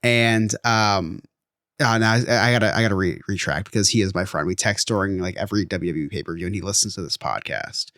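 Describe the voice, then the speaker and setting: Animated male podcast co-host. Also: deep voice, brisk, no echo, studio quality. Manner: loud and excitable when arguing. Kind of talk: casual chat.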